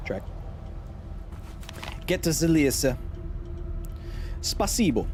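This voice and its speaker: Lively man streaming a game. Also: mid-range voice, moderate pace, slight background noise. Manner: chatty, explains science, reads chat aloud; jumpy, yells when startled. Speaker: science streamer. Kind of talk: live gaming stream commentary.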